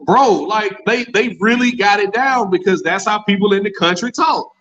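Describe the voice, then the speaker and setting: A man from the South, chatting casually as a podcast host, animated and profane with frequent restarts. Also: sits high, moderate pace. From American South. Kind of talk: casual chat. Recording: muffled lo-fi audio with faint noise.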